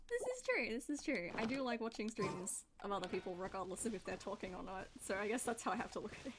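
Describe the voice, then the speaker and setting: A woman's voice: mid-range voice, fast talker, background noise. A woman live-streaming a game, chatting casually and laughing often at herself. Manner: giggly, laughs often, self-deprecating. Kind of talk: casual live-stream chat while gaming. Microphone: desk microphone.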